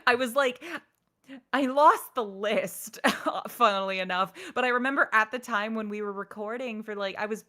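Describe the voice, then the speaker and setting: A woman's voice: on the high side, moderate pace, bright, forceful tone. A woman voice actress telling stories as an interview guest, acting out her own past reactions with animation. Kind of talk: casual interview storytelling.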